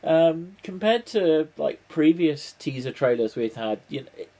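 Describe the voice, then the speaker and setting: A man's voice: fairly high pitch, lively intonation, measured pace, dark tone. A man chatting casually to camera as a vlogger. He rambles wryly, with many ums, restarts and the odd swear word. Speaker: vlogger reacting to a trailer.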